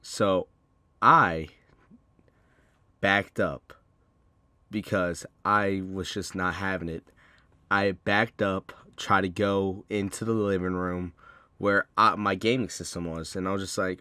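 A young man telling a rambling storytime vlog, swearing freely and getting loud and heated as he retells an argument. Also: lowish voice, unhurried, no room sound. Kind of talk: casual storytime monologue.

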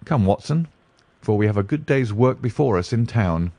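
A brilliant, dreamy detective who weighs every word. A male reader plays him close to his own low voice. Deliberate, musing delivery, with a dry, close sound. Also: animated, darkish tone, no room sound.

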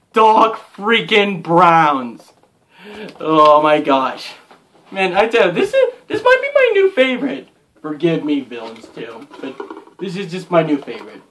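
Young male vlogger, high-pitched, unhurried, gushing and excitable. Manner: excitable, gushing, lots of "like" and "oh my gosh". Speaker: unboxing vlogger. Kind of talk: casual unboxing commentary.

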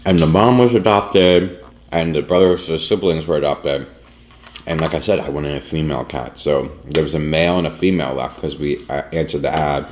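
A man's voice: a bass voice, steady tone, moderate pace, darkish tone, a little hiss or hum. A man vlogger rambling through a casual story at home, full of "like" and fillers. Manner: rambling, filler-heavy, lots of "like". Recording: echoey room.

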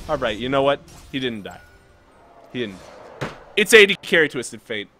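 A young man giving casual gameplay commentary, chatting calmly one moment and yelling at the game the next. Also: mid-range voice, a little slow, faint music behind. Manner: excitable, swings from calm chatter to yelling at the game.

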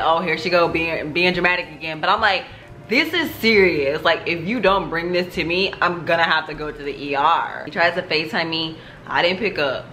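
A young woman vlogger telling a story in a casual, animated way, talking straight to her viewers and acting out what people said. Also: deep voice. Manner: animated, talks straight to viewers, acts out quotes.

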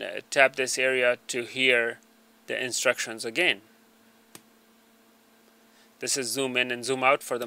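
Male tutorial voice-over, hesitant with many fillers, bright mid-pitched tone, small desk mic. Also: smooth. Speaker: tutorial narrator. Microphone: small desk microphone.

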